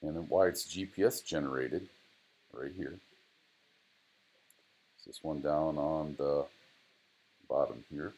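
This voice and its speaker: A middle-aged man, a driving instructor, talks casually through a screen-recorded data tutorial, repeating himself and chatting to his software. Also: extremely low pitch, steady tone, slow pace, long pauses, husky.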